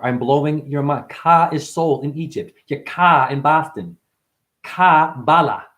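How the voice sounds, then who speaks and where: Man rambling loudly, then muttering. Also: on the high side. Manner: free-associating, profane, swings between loud bursts and mutters. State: in chronic pain. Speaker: spiritual talker. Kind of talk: rambling spiritual monologue.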